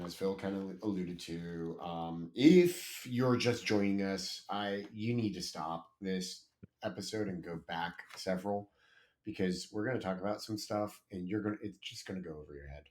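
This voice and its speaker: A man's voice: fairly low pitch, moderate pace, a little mellow. A man co-hosting a business podcast in casual chat, laid-back and self-deprecating. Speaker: podcast co-host.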